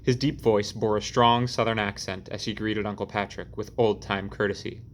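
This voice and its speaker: Man, audiobook narrator, low-ish voice, measured scripted reading. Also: flat delivery, slight background noise.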